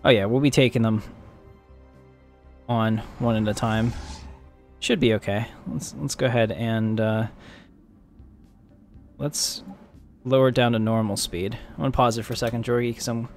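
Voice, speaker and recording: A man streaming a strategy game live, talking casually in an average-pitched voice. He jokes and laughs often and thinks aloud as he plays. Faint game music plays underneath. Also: steady tone, normal speed, long pauses.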